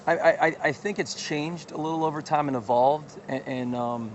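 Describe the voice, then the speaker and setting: A man's voice: a little high, normal speed, highs cut off, slight background noise. A man answering questions in a casual street interview, a little hesitant and repeating words.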